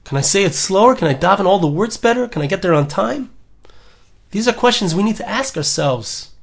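A man with a notably high voice delivers an earnest podcast sermon. He leans on rhetorical questions and repeats phrases for emphasis. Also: expressive, a little fast, creaky, husky. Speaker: rabbi giving a Torah talk.

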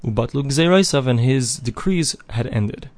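A man's voice: mid-range voice, lively intonation, normal speed, darkish tone, no echo. A man giving a Talmud lesson, reading each phrase of the text aloud and then translating and explaining it in plain English. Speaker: Talmud teacher. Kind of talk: daily page Talmud lesson.

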